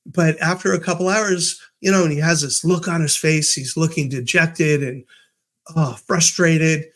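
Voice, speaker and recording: Guy hosting a podcast, upbeat motivational chat, bit of a higher voice, lots of ums and restarts. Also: steady tone, normal speed, a bit bright. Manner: upbeat, storytelling with acted quotes; chatty with fillers and restarts. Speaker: podcast host. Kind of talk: casual motivational talk.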